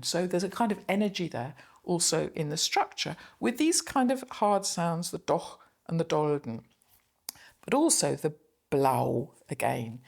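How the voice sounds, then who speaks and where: A middle-aged woman lecturer talking through a poem reflectively, reading its German lines slowly aloud. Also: lowish voice, creaky, darkish tone, breathy edge. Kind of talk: spoken poetry analysis lecture.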